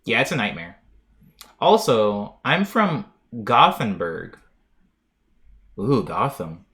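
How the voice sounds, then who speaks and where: A man's voice: on the low side, big pitch swings, slow, long pauses, a bit bright. A young man streaming live, reading viewer comments aloud and riffing on them in a rambling, jokey way with frequent laughs. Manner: rambling, jokey, laughs often, trails off on tangents.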